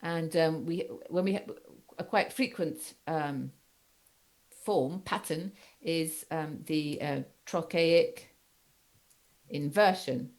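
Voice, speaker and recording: A woman with a low voice leads a class, pausing often on fillers and restarts. She keeps checking in with the students as she explains. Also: a little mellow. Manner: halting, many fillers, checks understanding. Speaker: teacher. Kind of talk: university seminar lecture.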